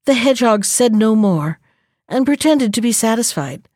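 A woman reading a fairy tale aloud in a calm, even storybook manner. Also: on the high side, normal speed, dry recording, studio quality.

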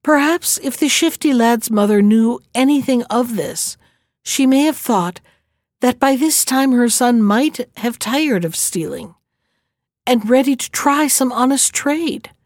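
A woman narrating a storybook tale in a steady, measured way. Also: on the high side, dry recording, clean studio sound. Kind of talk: storybook reading.

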